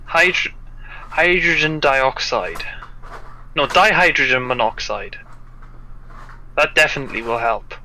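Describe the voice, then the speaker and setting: A man's voice: mid-range voice, lively intonation, a little slow, long pauses, sharp tone, a little hiss or hum, poor audio. A man with a Welsh accent chatting on a stream, joking and rambling with restarts. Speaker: guest on a livestream. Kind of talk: casual chat.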